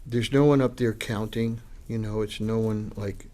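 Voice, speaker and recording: A man's voice: on the low side, fairly even intonation, normal speed, warm tone. A man teaching a Dharma class as a Buddhist lama, in an informal, chatty way that acts out the voices he quotes. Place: meditation class with students.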